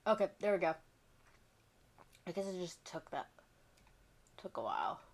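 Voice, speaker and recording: A woman streaming a video game, chatting casually in a hoarse voice from a cold, rambling with many fillers and restarts. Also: lowish voice, sing-song, normal speed. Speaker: gaming streamer. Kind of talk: casual livestream chat. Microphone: streaming microphone.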